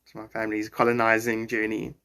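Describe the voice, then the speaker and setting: A livestreamer in his forties, born in Zimbabwe and raised in South Africa, chats casually and playfully with his viewers in a South African accent. His fairly low voice is monotone, pushed, and bright, and he talks fairly quickly.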